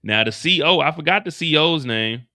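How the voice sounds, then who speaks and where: A man hosting a live stream, recapping a TV episode in a casual, profane, animated way. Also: fairly high pitch, moderate pace.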